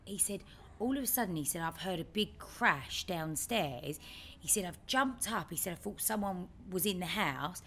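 A woman co-hosting a podcast, telling a story in a lively way and acting out other people's lines. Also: fairly low pitch, normal speed, a little hiss or hum. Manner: animated storyteller, acts out her dad's lines. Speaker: podcast co-host. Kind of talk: casual chat, storytelling.

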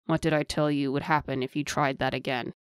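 A woman's voice: low voice, little pitch movement, brisk, smooth, no room sound, studio quality, voice pushed down, lightly acted. A woman voicing a harsh male captor who speaks with cold skepticism and contempt. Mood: cold threat.

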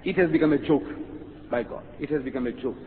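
A man giving a public religious lecture in an animated way, firing rhetorical questions and acting out quotes. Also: medium pitch, fast. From South Africa. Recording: tinny lo-fi hall recording with faint hiss.

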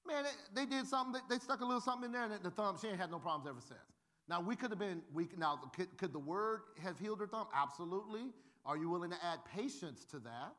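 Speaking fast in a high register, this pastor weaves comic anecdotes into his sermon. He's lively and playful, imitating the voices of the characters he quotes.

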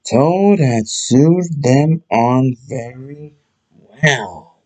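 Man reading a kids bedtime story super slow, lots of ups and downs in his voice. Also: fairly high pitch, rough recording. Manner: expressive, deliberate reading.

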